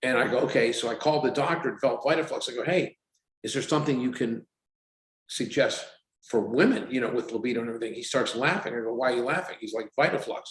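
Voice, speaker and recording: 60s guy on a podcast, lively storyteller doing everyone's lines, echoey room. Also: medium pitch, fast talker. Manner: animated storyteller, acts out quotes. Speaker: company CEO guest. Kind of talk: casual podcast interview. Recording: roomy echo.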